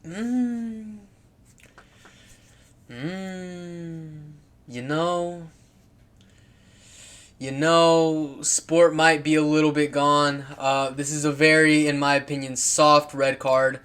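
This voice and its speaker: Male vlogger, slightly high voice, loose and profane, rambling football commentary full of fillers and restarts. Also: little pitch movement, slow, fairly bright tone, smooth. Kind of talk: casual football commentary over clips.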